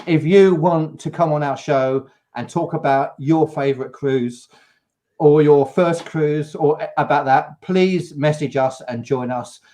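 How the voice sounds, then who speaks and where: An English man hosting a live chat show, telling an animated story and acting out the people in it. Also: a little high, unhurried. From England. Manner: animated, acts out quotes. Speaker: host.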